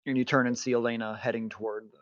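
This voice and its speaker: A man's voice: medium pitch, little pitch movement, rapid-fire, dry recording. A man narrating as game master of a tabletop game, describing scenes unhurriedly. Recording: dull lo-fi mic.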